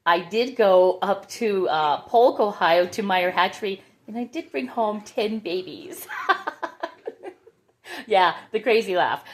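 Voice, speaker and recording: A middle-aged woman chatting casually and enthusiastically as she shows her orchids at home. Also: lowish voice. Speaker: orchid grower. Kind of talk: casual chat while touring plants. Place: home with plants.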